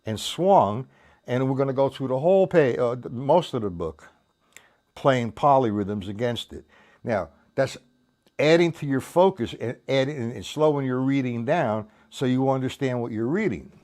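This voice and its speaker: A man's voice: medium pitch, lively intonation, normal speed, darkish tone. A man giving a casual drum lesson. He counts beats aloud and talks in loose, restarting sentences, dropping in "man" here and there. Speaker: drum teacher.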